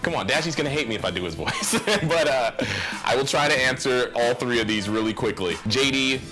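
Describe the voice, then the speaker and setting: A man's voice: mid-range voice, expressive, fairly quick, pushed and bright. A young man hosting a comedy Q&A vlog, giggly and self-mocking. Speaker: YouTuber host. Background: background music.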